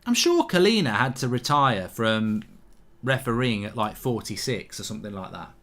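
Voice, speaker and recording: A man's voice: medium pitch, lively intonation, normal speed, a bit bright. Blunt man ranting through a football watchalong. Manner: reads viewer comments aloud and reacts; blunt, swears casually, rants at the referee. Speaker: host. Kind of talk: live football watchalong commentary.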